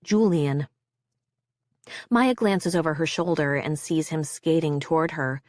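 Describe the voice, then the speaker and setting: Low-voiced woman narrating a thriller. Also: animated, normal speed, dry recording, clean studio sound. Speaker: audiobook narrator. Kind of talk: scripted audiobook narration.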